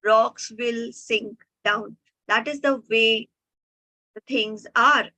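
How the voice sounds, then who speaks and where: A woman's voice: on the high side, bright, forceful tone, no room sound, heavily acted, poor audio. A woman voicing a puzzled male king who earnestly explains himself as she retells a story. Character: puzzled male king protesting his point.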